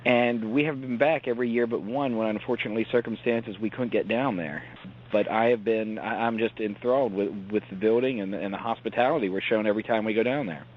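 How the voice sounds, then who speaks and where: A man's voice: fairly low pitch, fast talker, a little hiss or hum. A man guest recounting a field investigation in conversation, earnest and enthusiastic about history. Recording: dull lo-fi audio.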